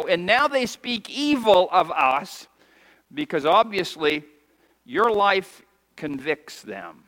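A pastor delivers an emphatic sermon, his voice high and bright. He reads scripture in old-fashioned wording and calls on the congregation to repeat after him. His words ring out with a long reverb in a church hall. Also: big pitch swings, takes it slowly. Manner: emphatic preaching, has congregation repeat lines.

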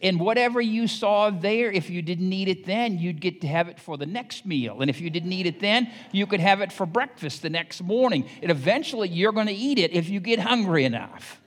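Folksy older preacher in a reverberant hall. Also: male voice, high voice, expressive, fairly quick, hardly any pauses. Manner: folksy and anecdotal, rising to emphatic exhortation. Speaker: pastor. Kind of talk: sermon. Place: church sanctuary.

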